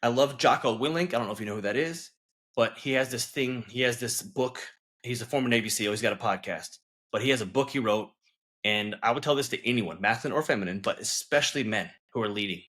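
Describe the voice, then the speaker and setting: A man's voice: mid-range voice, quick pace, a bit bright. A man, a relationship coach, talking earnestly as an interview guest and driving his points home with repeated "okay?" and "right?". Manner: emphatic, coaching, keeps checking in with "okay?" and "right?".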